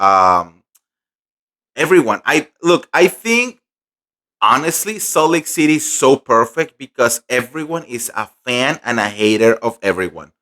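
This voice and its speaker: A young man recapping a fan convention in casual, gossipy chat, animated and full of fillers. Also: medium pitch. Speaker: pop culture vlogger.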